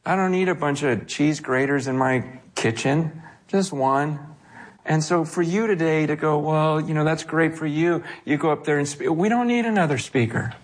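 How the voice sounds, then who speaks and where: A high-voiced male pastor delivers a conversational sermon at a moderate pace. His style is loose and animated, and he takes on the voices of the people he quotes.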